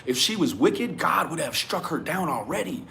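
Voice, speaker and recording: A man giving a profane, animated rant to his viewers. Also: fairly high pitch, moderate pace, creaky, a little hiss or hum. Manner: animated, swearing, talks straight at viewers. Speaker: commentary vlogger. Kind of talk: profane ranting commentary.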